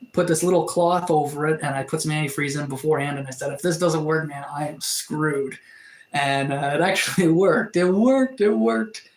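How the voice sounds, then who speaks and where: A young Canadian man chatting casually on a live stream, rambling with lots of fillers and restarts while reading out comments. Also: a little high. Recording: roomy echo.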